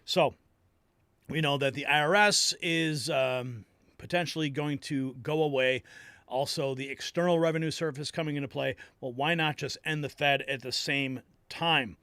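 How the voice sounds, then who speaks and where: A male host delivering excitable political news commentary, reacting to clips. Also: a little high, normal speed, smooth, dry recording.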